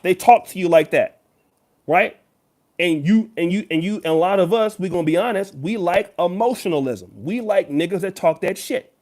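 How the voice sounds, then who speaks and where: A man with a raised, high-pitched speaking voice delivers a YouTube commentary. He talks straight to his viewers in an emphatic, lecturing way, leaning on each point. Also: normal speed, darkish tone. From United States. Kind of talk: direct-to-camera commentary.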